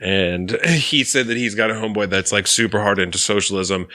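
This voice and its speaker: A man's voice: lowish voice, fairly quick. A man co-hosting a podcast, telling stories in casual chat, swearing freely and acting out what others said. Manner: animated storyteller, swears a lot, acts out quotes. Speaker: podcast co-host.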